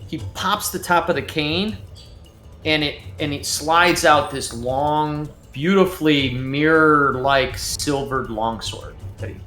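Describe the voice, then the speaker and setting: A man's voice: fairly high pitch, takes it slowly, bright, forceful tone. A man narrating as game master in a loose, laid-back manner with many fillers. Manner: loose, filler-heavy, laughs easily. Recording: roomy echo, faint music behind.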